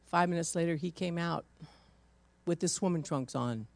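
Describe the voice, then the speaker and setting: An older woman, a grandmother, preaching a sermon full of personal stories, swinging between loud and hushed. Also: on the low side, normal speed, gravelly, no echo. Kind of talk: storytelling sermon.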